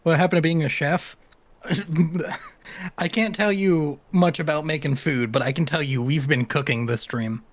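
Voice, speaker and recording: A man's voice: on the high side, a little slow, no room sound. A man from the American South, chatting and teasing casually on a live stream, laughing often.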